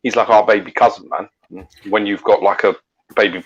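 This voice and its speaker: Husky-voiced, deep English man. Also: fairly even intonation, normal speed, highs cut off. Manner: sweary, boisterous banter. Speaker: co-host. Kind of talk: casual chat.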